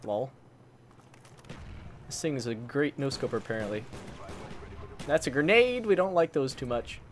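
A man's voice: mid-range voice, big pitch swings, moderate pace, slight background noise. A man giving casual live commentary while playing a shooter, grumbling at opponents and swapping in mild stand-ins for swear words. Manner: frustrated, mild swearing substitutes, talks to enemies. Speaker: gaming channel host.

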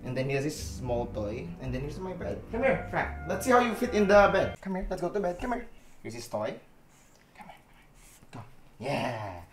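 A playful man with a Filipino accent, talking casually as a vlogger. His pitch swings widely as he chats and coos at his dog. Faint music plays behind him. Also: a bit bright. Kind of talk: casual vlog chat. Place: at home and outside on a walk.

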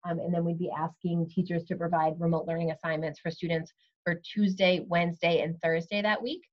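Lo-fi woman official, measured. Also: fairly low pitch, level tone. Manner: measured, frequent ums. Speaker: school superintendent. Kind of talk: virtual meeting update. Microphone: video call. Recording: lo-fi video call audio.

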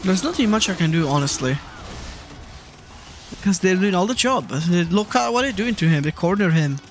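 A streamer giving live commentary over a video game, exasperated and swearing often, with sudden shouts at the screen. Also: medium pitch, expressive, moderate pace, soft background music.

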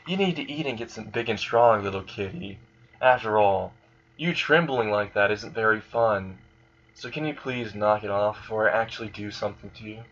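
Cruel young bully, voiced by a man, low-pitched, mocking, threatening, profane, dull lo-fi sound. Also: moderate pace, a bit bright, slightly rough. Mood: menacing.

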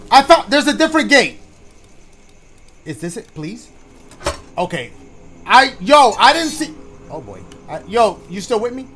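A man's voice: very high voice, a bit bright, a little hiss or hum. A man giving let's-play commentary, joking with the audience and his partner, then muttering nervously. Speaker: gaming YouTuber.

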